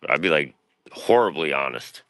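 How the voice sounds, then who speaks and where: A man's voice: extremely low pitch, expressive, normal speed, fairly bright tone. A man streaming, talking in a rambling, boastful, swear-filled monologue.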